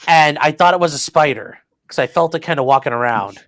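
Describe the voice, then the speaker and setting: A man hosting a casual group video call, telling a rambling, animated story with many restarts. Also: on the high side, fairly quick, dry recording. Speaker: host.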